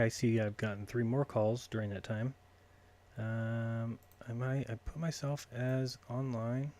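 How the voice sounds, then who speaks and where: A man hosting a live call-in stream, talking casually and muttering to himself while he sorts out his call settings. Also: mid-range voice. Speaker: livestream host taking calls.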